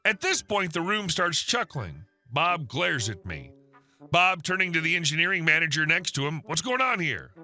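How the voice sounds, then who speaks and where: Bright, lively male story narrator. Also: on the high side, moderate pace, faint music behind. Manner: wry, deadpan asides.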